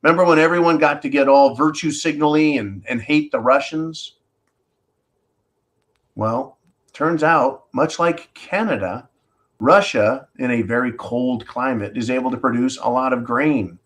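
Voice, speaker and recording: A man hosts a live stream, delivering a ranting commentary monologue. He piles up rhetorical questions and keeps addressing his viewers as folks. His voice sits at an ordinary middle pitch. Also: a little slow, a bit bright.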